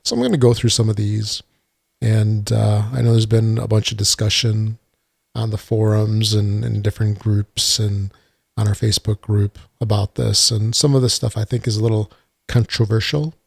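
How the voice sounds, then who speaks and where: A man's voice: lowish voice, level tone, normal speed, creaky, slightly rough, dry recording. A man hosting a casual solo gaming podcast, rambling with lots of uhs and some dry sarcasm. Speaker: podcast host. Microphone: desktop computer mic.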